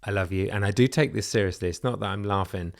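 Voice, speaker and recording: A man's voice: lowish voice, fast, creaky. A British man talking candidly in a personal vlog, confessional and a little nervous, often asking himself questions aloud. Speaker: vlogger.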